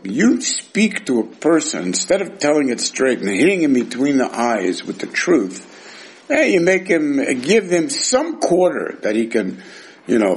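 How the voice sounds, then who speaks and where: A man teaching a Talmud class, explaining the texts with wry, sarcastic asides. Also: mid-range voice.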